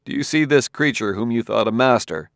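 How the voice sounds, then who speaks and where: A man voicing a wary male detective who talks crisply and gives orders. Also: medium pitch, fairly quick, no room sound, clean studio sound. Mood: commanding. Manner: sharp, giving crisp orders.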